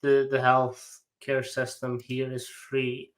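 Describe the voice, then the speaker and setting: A man hosts a relaxed podcast chat, hesitant and prone to restarting his phrases. His voice is mid-pitched, with a flat, level melody. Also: slow. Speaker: podcast host.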